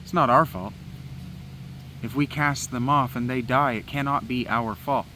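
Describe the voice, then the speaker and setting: A man's voice: mid-range voice, fairly even intonation, unhurried, pushed and bright, slight background noise, rough recording. Agitated, profane man talking outdoors. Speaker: vlogger. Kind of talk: rambling spoken meditation. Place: outdoors in woods.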